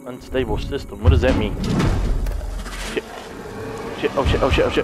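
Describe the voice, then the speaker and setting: A man playing a horror game and commenting live, swearing, shouting in panic, repeating himself and laughing. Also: medium pitch, brisk, long pauses, heavy background noise. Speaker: let's play gamer. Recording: loud game music and effects behind.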